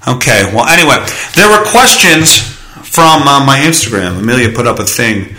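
A man's voice: mid-range voice, animated, moderate pace, bright, forceful tone, roomy sound, rough recording. A man hosting a casual solo podcast, rambling and joking with frequent swearing. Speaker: podcast host.

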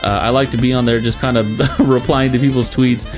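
A man's voice: medium pitch, little pitch movement, fast talker, music in the background. A young man co-hosting a podcast, joking and laughing easily as he plugs his social accounts. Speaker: podcast co-host. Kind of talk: casual chat.

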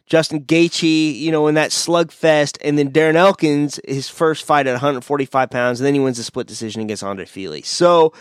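A man hosting a casual fight-pick chat, his somewhat high voice blunt and opinionated. He talks through fighters' records in a loose, offhand way. The sound is dry and close over a video call. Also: moderate pace, few pauses, smooth, no echo. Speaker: podcast host.

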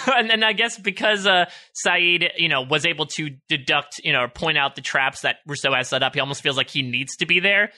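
A man's voice: on the high side, brisk. A man co-hosting a podcast, chatting playfully and joking around. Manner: playful, animated, jokes and acts out characters. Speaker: podcast co-host recapping a TV series. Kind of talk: casual chat.

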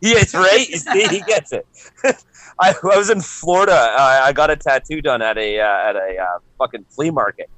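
A Canadian man co-hosting a podcast, telling animated stories in casual chat and swearing often. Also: fairly high pitch, moderate pace, no echo, low-quality recording. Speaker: podcast co-host.

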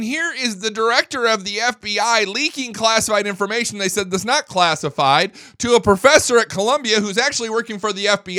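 A man's voice: sits high, pushed and bright, no echo. A man hosting a political talk radio show, talking in a heated and emphatic way and often repeating himself at a studio microphone.

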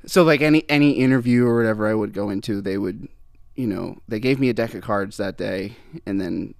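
Gravelly-voiced man telling a story. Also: lowish voice, brisk, darkish tone, no echo, clean studio sound. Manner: rambling, full of restarts and laughs. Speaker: guest singer-songwriter. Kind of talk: casual chat.

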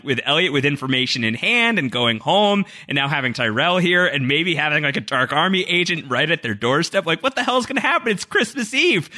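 A man hosting a TV recap podcast in relaxed, conversational chat. His voice is strikingly bright and tense, with an edge that cuts through, and it sits at an ordinary middle pitch. He talks casually and slips now and then into playful quoted bits. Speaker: podcast host.

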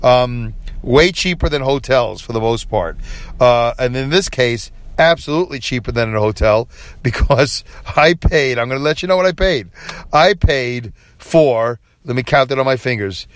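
With a mid-range, animated voice at a moderate pace and no room sound, the weary late-night podcaster keeps yawning. This middle-aged solo host speaks frankly, wandering through his thoughts with frequent fillers and false starts.

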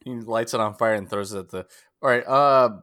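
A man's voice: medium pitch, a little fast, a bit bright, no room sound, studio quality. A man co-hosting a casual podcast, joking playfully with his friends about a movie. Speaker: podcast co-host.

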